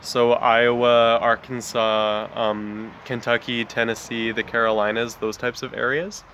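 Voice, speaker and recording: A gardening vlogger in his backyard gives a casual, rambling talk about plants, full of fillers and friendly asides. His medium-pitched voice is a bit bright, with a flat delivery and a slightly slow pace, over a little hiss or hum.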